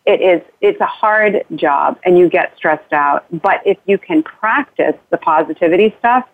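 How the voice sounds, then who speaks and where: A woman's voice: on the low side, a little slow. A woman, an author being interviewed, talking in an earnest, rambling way with restarts and light laughs. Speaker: author guest. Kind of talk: casual interview talk. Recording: tinny phone line.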